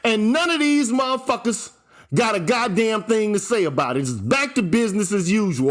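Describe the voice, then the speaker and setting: A man with a high voice rants on his own channel at a normal speed, animated and fiery. His commentary vlog is profane and keeps hammering the same point through repetition.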